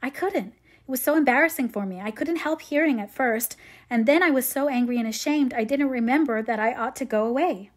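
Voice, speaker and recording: A woman with a high-pitched, brisk voice reads aloud in the role of a sweet, remorseful girl of about sixteen who is confessing to her mother. The mood is earnest throughout.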